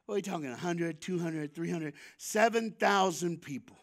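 A man delivers a storytelling sermon to a church crowd. His voice sits fairly high, and his slangy, casual delivery lurches from near-shouts to hushed asides as he gets the room to answer back. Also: normal speed, vocal fry. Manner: lively storyteller with sudden shifts between loud and soft, chuckling. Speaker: guest speaker at a church. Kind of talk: storytelling sermon with call-and-response. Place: church before a congregation.

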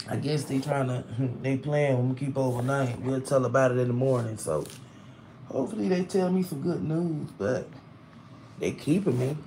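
A man chats on a phone live stream from a hospital room. He sounds tired, with a gravelly edge to his voice. He vents and complains freely while a faint hiss sits under the recording. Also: a little high. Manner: chatty, vents and complains loudly about hospital bills. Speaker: livestreamer reading comments. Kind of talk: casual live stream chat.

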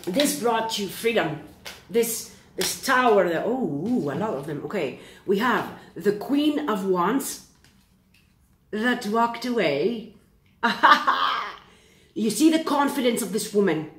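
A woman giving a casual tarot reading to camera. She is excitable and keeps checking in with "okay?". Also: medium pitch, slow pace, roomy sound. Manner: excitable, repeats "okay?" often. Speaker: tarot reader.

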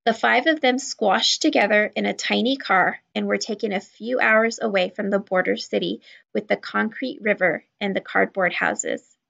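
Gravelly-voiced woman reading aloud. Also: medium pitch, moderate pace, highs cut off. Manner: steady, even storytelling. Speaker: children's book reader. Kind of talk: read-aloud narration.

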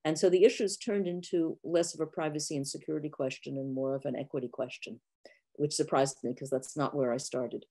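A woman's voice: low voice, steady tone, fairly quick, dark tone. A woman in her sixties from New York, a professor answering questions frankly on a video call, with many fillers. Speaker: guest professor. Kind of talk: online Q&A answers.

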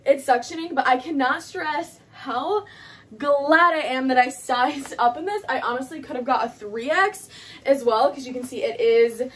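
A young woman talks into her phone camera at home, her voice sitting high and light. She gushes, trails off and restarts in breathless, chatty excitement, full of fillers. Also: moderate pace, slightly rough. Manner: bubbly, gushing, chatty with many fillers. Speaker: fashion haul vlogger. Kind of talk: casual excited chat to camera.

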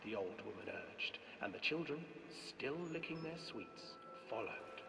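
A man narrating a dark fairy tale in a game and voicing an old witch in a theatrical, drawn-out way. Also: mid-range voice, lively intonation, vocal fry. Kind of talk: storybook narration with character voices. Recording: roomy distant sound with music.

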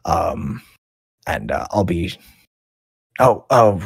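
A formal, slightly flustered guard captain, put on by a man, minding his manners with the guests. The voice sits low and a bit husky, and it sounds close and dry. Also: very animated, very slow, dry recording, full character voice. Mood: polite. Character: brisk male town guard captain.

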